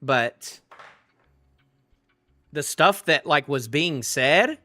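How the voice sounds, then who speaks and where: A young man streaming live, ranting excitedly and casually about a manga, rambling with stumbling restarts and the odd swear. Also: on the high side, very slow, pauses often. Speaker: streamer reacting to a manga chapter. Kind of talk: live reaction rant, casual.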